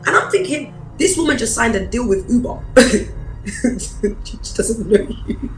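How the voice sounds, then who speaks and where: A woman pastor, preaching a personal testimony in an animated storytelling way. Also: a little high, normal speed, reverberant, faint music behind, poor audio. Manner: animated storyteller, acts out quoted voices.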